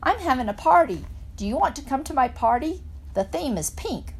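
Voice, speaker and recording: A woman's voice: high voice, sing-song, normal speed, breathy edge, pitched above the performer's own voice, exaggerated voice. Little girl nearly six, voiced by a woman reading aloud, earnest, chatty, folksy. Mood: eager. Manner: rural Southern grammar, solemn.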